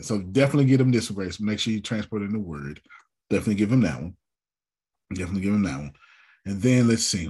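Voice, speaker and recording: A man leading a casual work meeting, animated and joking, with a drawling, husky voice. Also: fairly low pitch. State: sore after workouts. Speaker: business owner leading a team meeting.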